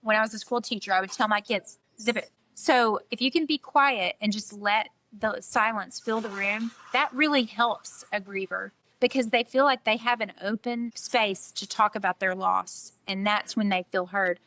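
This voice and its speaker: A woman's voice: mid-range voice, normal speed, few pauses, bright, forceful tone. A middle-aged woman, a guest author, talking earnestly and emphatically in a podcast interview.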